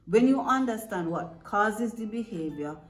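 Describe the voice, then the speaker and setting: A woman's voice: medium pitch, expressive, a little slow. A woman giving earnest, direct advice to parents, often checking in with "right?". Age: adult parent. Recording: echoey room with faint music.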